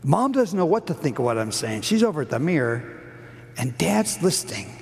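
A middle-aged male preacher gives an earnest storytelling sermon with a gravelly voice. His voice sits fairly high and swings between raised peaks and quiet hushes. A long reverb from a church hall trails each phrase. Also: very animated, a little fast. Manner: earnest storytelling that rises high and falls to a hush.

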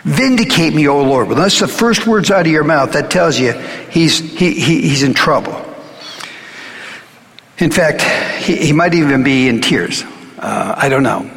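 A man with a fairly high voice preaches an earnest, conversational sermon, often stumbling and restarting as he presses his point. His words carry a long reverb, as if spoken in a large church hall. He swings between urgent emphasis and quieter, closer moments. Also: expressive, unhurried, vocal fry. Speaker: pastor.

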